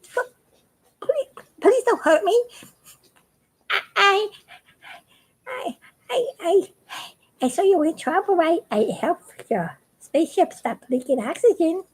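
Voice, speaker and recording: A man's voice: lively intonation, takes it slowly, pauses often, exaggerated voice. A man voicing a frightened tiny male alien embryo in a homemade cartoon story, stuttering and pleading. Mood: scared pleading. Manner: stuttering, pleading, high and shaky.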